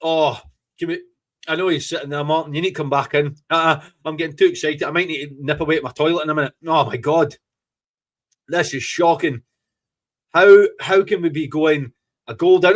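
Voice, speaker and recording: A Scottish man hosting a fan podcast, reacting live to a football match in an excitable, gloating way and swearing freely. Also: fairly high pitch, moderate pace, long pauses.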